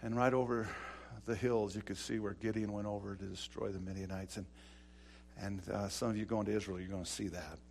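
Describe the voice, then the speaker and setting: A middle-aged man preaching a sermon, telling stories and acting out dialogue, swinging between loud bursts and quiet stretches. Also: lowish voice, steady tone, a little fast, creaky, slight background noise. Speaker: pastor.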